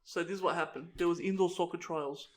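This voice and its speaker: High-voiced man telling stories. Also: steady tone, fast talker. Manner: swearing, laughing storyteller. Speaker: podcast co-host. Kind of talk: casual chat.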